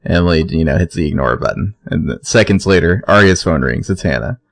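A man's voice: low-pitched, expressive, a little fast, vocal fry, no echo. A man co-hosting a podcast, laid-back and wry as he recaps a TV episode. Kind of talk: casual chat.

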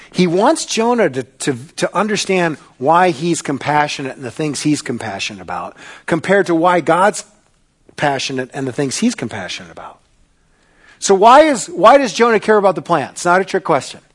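A male pastor delivers a sermon in a dramatic, sarcastic style, his voice slightly high and lurching between loud outbursts and quiet asides.

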